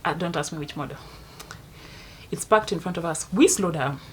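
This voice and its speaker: A young woman with a Kenyan accent tells a story to her vlog viewers, swinging between loud outbursts and hushed asides. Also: low-pitched, normal speed, slight background noise. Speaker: vlogger. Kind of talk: casual storytime monologue.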